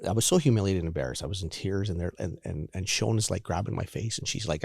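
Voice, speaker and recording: A man in his forties telling his own recovery story in a halting, candid way, often repeating words and restarting. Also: low voice, vocal fry, a little mellow, husky, no echo, studio quality. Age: 40s. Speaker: guest sharing recovery story.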